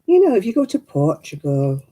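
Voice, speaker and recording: A middle-aged woman chats casually at home, telling stories as she works on her crafts. Her voice is warm and a little raspy, and it rises and falls a great deal. She laughs easily between her stories. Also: low voice, huge pitch swings, fairly quick, poor audio. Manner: chatty and anecdotal, laughs often. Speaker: craft vlogger. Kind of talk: casual chat while crafting.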